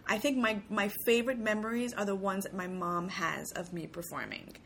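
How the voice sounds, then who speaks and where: A woman's voice: mid-range voice, brisk, gravelly, a bit bright, slight background noise. A young woman from Puerto Rico, a guest in a casual interview, telling stories chattily with frequent laughs and restarts. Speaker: guest, actor.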